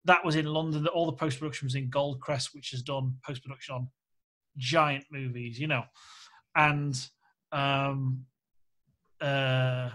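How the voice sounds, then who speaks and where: A man's voice: mid-range voice, unhurried. Candid storytelling male filmmaker. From Australia. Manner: candid, animated anecdote-teller who acts out quoted speech. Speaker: filmmaker guest. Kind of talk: casual podcast interview storytelling.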